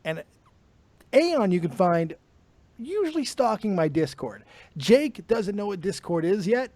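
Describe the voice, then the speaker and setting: A man's voice: sits high, very animated, a little slow, darkish tone, dry recording. A man hosting a podcast, in casual, blunt talk full of swearing. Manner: blunt and profane, wrapping up the show. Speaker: podcast host. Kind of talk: casual chat.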